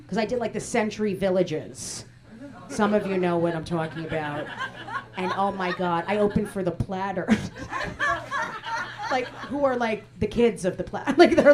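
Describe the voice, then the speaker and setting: Brash woman doing loud stand-up crowd work. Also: fairly low pitch. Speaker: stand-up comedian. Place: comedy club stage before a laughing crowd. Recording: live show with loud crowd noise.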